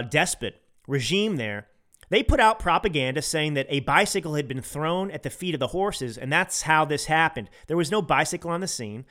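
An American man hosts a podcast, ranting emphatically about politics and repeating phrases for effect. His voice is fairly high and a bit bright.

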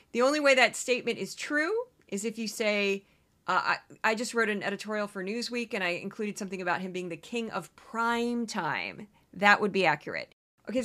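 A woman hosting a podcast, talking through clips with wry, chatty asides before reading a rundown of stories. Her voice is bright and forward. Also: mid-range voice. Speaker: podcast host. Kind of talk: casual political commentary and news rundown.

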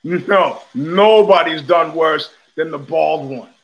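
Blunt, high-voiced New York man. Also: takes it slowly. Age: older. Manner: blunt, animated storytelling with frequent restarts and profanity. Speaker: show host. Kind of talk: casual livestream monologue.

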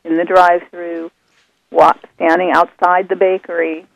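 A woman guest explaining her method in a calm, soothing, patient way. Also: lowish voice, unhurried, gravelly, no room sound. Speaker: author and guest. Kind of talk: explaining on a radio call-in. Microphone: phone. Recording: thin phone line.

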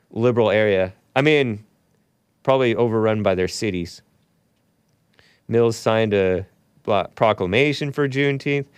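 A man's voice: on the low side, clear, resonant tone, no echo. Sarcastic male host, solo commentary, dry close-mic studio sound. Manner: sarcastic, mocking asides, laughs at own remarks. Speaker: talk show host. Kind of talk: solo commentary, reading news aloud with asides.

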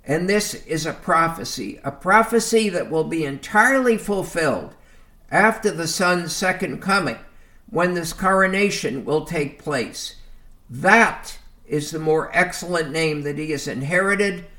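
A man teaching a Bible lesson, reading verses aloud and explaining them deliberately, often calling his listeners folks. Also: fairly high pitch, expressive, bright, forceful tone. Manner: slow, deliberate, reads scripture aloud and explains it.

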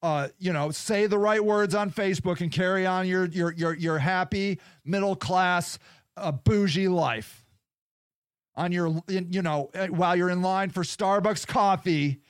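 Profane ranting man with a high voice. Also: smooth, no room sound, clean studio sound. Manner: profane, combative, mocking; fast swings between loud jabs and muttered asides. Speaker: podcast host. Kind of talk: political rant.

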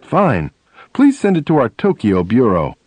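Brisk, polite phone caller from a magazine, read by a male narrator, audiobook, lively lilt. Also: mid-range voice, dry recording.

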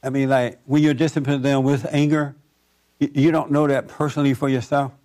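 A man's voice: medium pitch, level tone, brisk, a little mellow. A man counseling a guest, asking probing questions, repeating her answers back and now and then joking. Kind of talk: probing one-on-one conversation.

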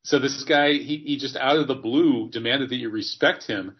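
A man hosting a casual conversation, speaking deliberately and repeating words as he goes. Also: medium pitch. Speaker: host. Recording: dull lo-fi audio.

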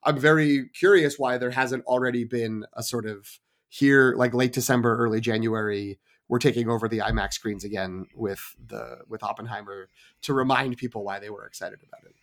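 A man's voice: mid-range voice, steady tone, a little fast. A man co-hosting a casual film podcast, rambling with stammering restarts and wry jokes. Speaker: podcast co-host.

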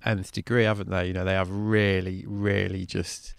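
A man's voice: low voice, level tone, moderate pace, vocal fry, clear, resonant tone, no room sound, clean studio sound. A man hosting a podcast, asking questions in a conversational way and dropping wry asides. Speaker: podcast host. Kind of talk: casual interview chat.

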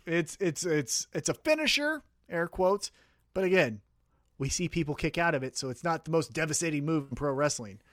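A man's voice: on the high side, moderate pace, no room sound, studio quality. A man co-hosting a podcast in casual chat, telling stories with lots of swearing and acted-out quotes. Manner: profane, animated storytelling with acted-out quotes. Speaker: podcast co-host.

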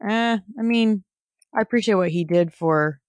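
A woman's voice: medium pitch, normal speed, no echo. A woman guest on a podcast, easygoing, chiming in briefly and laughing along. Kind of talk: casual conversation.

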